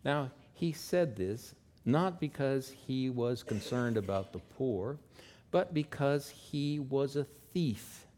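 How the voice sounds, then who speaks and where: A man's voice: mid-range voice, darkish tone. A man, likely a pastor, preaching a sermon in a folksy way with asides and rhetorical questions.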